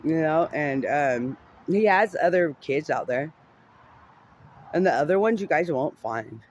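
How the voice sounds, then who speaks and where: A man's voice: a little high, expressive, unhurried, a little hiss or hum. A man telling a heated personal family story, rambling and profane, full of fillers and restarts.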